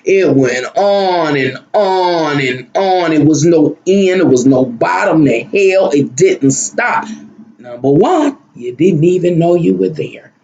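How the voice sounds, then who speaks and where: Guy rambling about a dream, emotional, stops and restarts a lot, kinda high voice, echoey room. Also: darkish tone, highs cut off. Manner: emotional, searching, repetitive, halting. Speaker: spiritual vlogger. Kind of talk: personal monologue about a dream.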